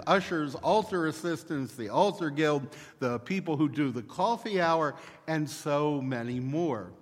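Pastor guy preaching slow, fairly high voice, long church echo. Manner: measured, storytelling delivery. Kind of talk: sermon.

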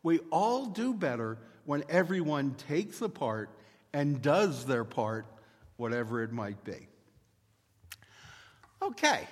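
A male pastor preaching a sermon in a measured, storytelling manner. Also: a little high, big-room sound.

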